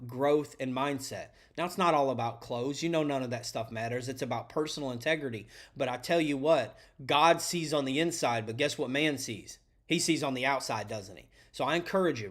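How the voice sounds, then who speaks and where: A man with a medium-pitched, slightly bright voice hosts a podcast as an electrician coach. He gives tradespeople earnest, preachy motivational advice and calls the listener his friend.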